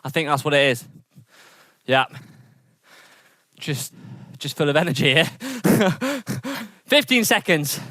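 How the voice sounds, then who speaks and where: A man coaching an indoor cycling workout, energetic and encouraging as he calls out intervals and counts down, sweating as he rides. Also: high-pitched, no echo, clean studio sound. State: sweating from exertion. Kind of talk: coaching a training session.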